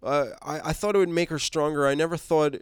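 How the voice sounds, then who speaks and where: A man's voice: on the low side, measured pace, smooth, no echo, natural voice. Man reading cold woman leader from a comic, stern pronouncements, dry sound. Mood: grieving. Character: cold female leader of a savage group.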